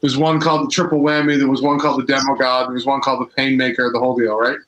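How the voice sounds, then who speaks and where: A man's voice: mid-range voice, level tone, racing, fairly bright tone, muffled recording. A man co-hosting a casual watch-along chat, telling stories animatedly and swearing freely. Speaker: podcast co-host. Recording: echoey room.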